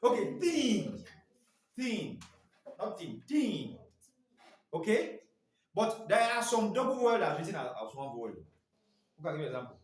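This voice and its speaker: A man's voice: high voice, quick pace. A man training teachers in phonics, quizzing the class with repeated "what?" questions. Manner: quizzing, asks "what?" and waits for answers. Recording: echoey room, mic far off.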